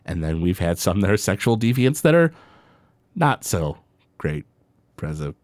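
In clean studio sound with no room noise, a low-voiced man co-hosts a podcast and recaps a cartoon episode. The chat is casual and animated, peppered with fillers and quick character impressions.

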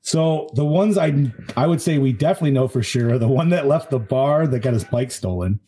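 A man with a warm, mellow voice talks through a film with his friends in loose, profane podcast chat. He muses aloud and leaves some of his thoughts hanging. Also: mid-range voice, animated, brisk, husky. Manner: profane, musing, trails off mid-thought. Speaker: podcast co-host. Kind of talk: casual movie-review chat.

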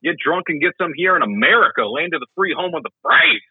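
Husky man on a tinny line. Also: fairly high pitch, very animated, quick pace, dry recording. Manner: crude jokey banter. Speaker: podcast co-host. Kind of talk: casual joking chat. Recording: dry thin phone-like line.

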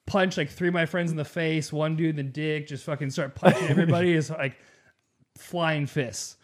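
A young man telling a long story in a casual podcast chat, profane and animated, full of fillers. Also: a little high, normal speed. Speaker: podcast co-host.

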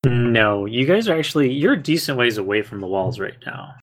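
A man running a tabletop game as dungeon master, narrating in an unhurried way. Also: mid-range voice, very animated. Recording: faint background noise.

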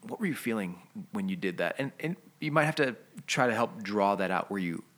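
A man's voice: lowish voice, lively intonation, fairly quick, a bit bright. A man co-hosting a podcast, explaining his points steadily and walking through one question after another. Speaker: podcast co-host. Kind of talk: conversational podcast discussion.

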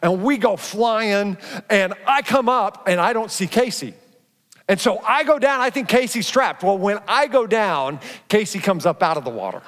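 A middle-aged man preaching a sermon, animated, acting out his stories with frequent restarts. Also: high voice, normal speed. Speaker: pastor. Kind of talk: sermon with personal storytelling. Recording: long reverb from a large hall.

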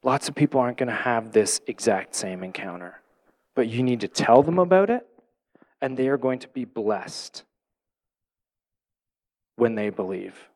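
A man giving earnest, reflective Bible teaching in a sermon style, asking his listeners questions and dropping to a soft, quiet voice at tender points. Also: mid-range voice, animated, a little slow, pauses often.

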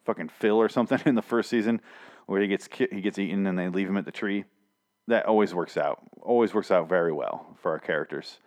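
Profane rambling man with a hoarse voice. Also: deep voice, a little fast, darkish tone. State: voice going hoarse. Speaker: show recapper. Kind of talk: casual ranting recap.

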